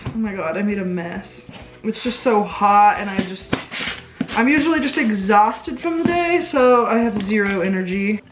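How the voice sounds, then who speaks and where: A woman vlogging casually about her meals, chatty and rambling with lots of filler words. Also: fairly high pitch. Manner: chatty, rambling with many ums. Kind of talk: casual food diary vlog. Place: home.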